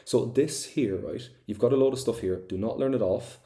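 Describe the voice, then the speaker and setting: A man's voice: mid-range voice, moderate pace, dark tone. A man with an Irish accent teaching an online revision class, chatty and encouraging, answering students by name. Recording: roomy echo.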